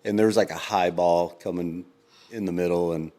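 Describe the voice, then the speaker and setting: A man co-hosting a podcast in casual chat, rambling with lots of ums and quick laughs. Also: low-pitched, steady tone, mellow. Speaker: podcast co-host.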